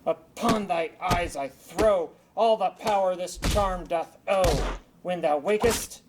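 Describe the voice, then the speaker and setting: Guy doing a mischievous fairy sidekick, high voice, slow and teasing. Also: background noise. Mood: incanting. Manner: teasing, then chanting spells. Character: mischievous male fairy servant, sly. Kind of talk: amateur Shakespeare reading.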